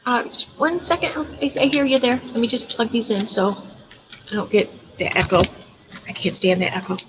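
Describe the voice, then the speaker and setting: A woman's voice: on the high side, animated, a little fast, background noise. A woman hosting a livestream, chatting casually with callers and laughing often. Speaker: livestream host.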